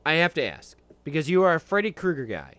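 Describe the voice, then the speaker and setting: Brief: bright, sharp-toned comic co-host, animated delivery. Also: male voice, on the high side, quick pace, no room sound. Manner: animated, jokey, slips into silly voices. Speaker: podcast co-host. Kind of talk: casual comedic chat.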